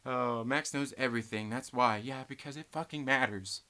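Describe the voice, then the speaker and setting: A man with a bright, forward voice rants through a live stream, cursing constantly as he reads chat messages aloud. He jumps from loud outbursts to low muttering. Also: normal speed, smooth. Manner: swearing, ranting, heated. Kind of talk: profane live stream rant, reading chat.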